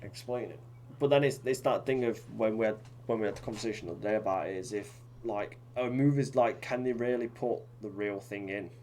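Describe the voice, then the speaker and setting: A man co-hosting a podcast talks a little fast in a lowish, darkish voice, rambling casually with frequent fillers and restarts. Some faint hiss or hum runs under the recording.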